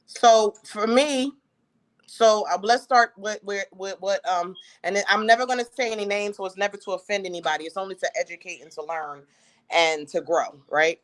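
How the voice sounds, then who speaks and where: Lively New woman, co-host on a casual livestream, slangy, bursts of speed. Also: mid-range voice, moderate pace. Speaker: co-host and author.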